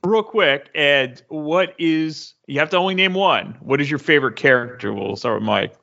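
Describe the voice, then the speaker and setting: A man's voice: a little high, animated, normal speed, vocal fry, sharp tone. A man hosting a podcast, casually asking his guests questions and laughing easily. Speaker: podcast host. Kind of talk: casual chat. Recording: dull lo-fi podcast audio.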